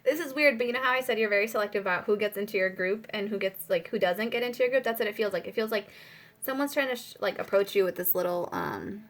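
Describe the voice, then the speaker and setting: Fast and expressive, with a medium-pitched, slightly bright voice, a young woman delivers a casual spiritual tarot reading. She wanders with many fillers and interrupts herself to pray aloud.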